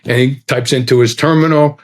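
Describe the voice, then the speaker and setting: Middle-aged male storyteller, casual and animated, plays out the dialogue. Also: mid-range voice, brisk. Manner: animated, acts out dialogue with quoted voices. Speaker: guest storyteller. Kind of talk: casual anecdote telling.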